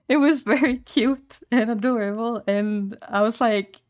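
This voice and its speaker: A woman's voice: on the high side, takes it slowly. A young woman streamer chatting casually, rambling in a laid-back way, swearing and laughing often. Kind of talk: casual chat.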